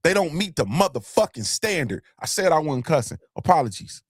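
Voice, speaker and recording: Emphatic high-voiced male host. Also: very animated, fairly quick, breathy edge, no room sound, clean studio sound. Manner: emphatic, repetitive, blunt and profane. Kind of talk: motivational live-stream talk.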